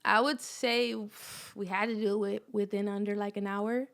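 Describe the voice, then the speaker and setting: A woman in her twenties from Los Angeles chats about her past in a loose interview, her voice sitting at a middle pitch. She is animated, laughs easily and swears without a second thought. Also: moderate pace. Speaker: rapper guest. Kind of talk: casual interview chat.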